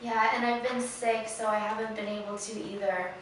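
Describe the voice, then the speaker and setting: A woman's voice: on the high side, little pitch movement, normal speed, heavy reverb, recorded from a distance, noisy background. A woman student introducing topics conversationally in a prepared class presentation. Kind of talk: reading a scripted class presentation.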